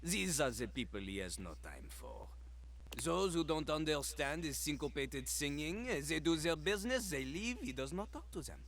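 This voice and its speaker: Lil Crapper, toilet rapper. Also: male voice, fairly high pitch, big pitch swings, normal speed, a bit bright, a little hiss or hum. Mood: preening. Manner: raps and beatboxes, talks of himself in third person. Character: cocky male toilet rapper, boastful and crude. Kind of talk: video game voice acting.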